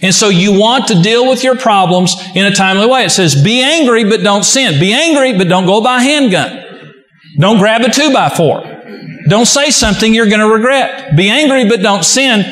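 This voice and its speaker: A man's voice: sits high, lively intonation, moderate pace, a bit bright. A man preaching a sermon as a pastor, telling folksy stories with humor. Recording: echoey hall.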